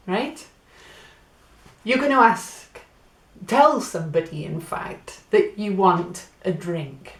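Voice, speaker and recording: A woman's voice: lowish voice, expressive, takes it slowly, vocal fry, echoey room. A woman from Great Britain giving a patient spoken language lesson, spelling out and repeating words. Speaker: Spanish teacher.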